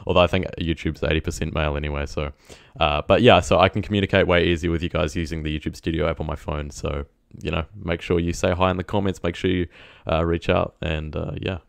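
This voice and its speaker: A man's voice: sits low, steady tone, fast talker, gravelly, clear, resonant tone, no room sound, clean studio sound. A young man with a New Zealand accent, casually reacting to a video, rambling with lots of fillers and laughs. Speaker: YouTube reactor.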